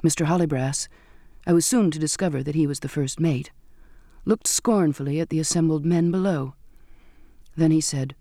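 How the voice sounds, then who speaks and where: A man reads a first-person story aloud in a measured, steady way. His voice sits a little high, and the recording is dry and close with no room echo. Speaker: narrator.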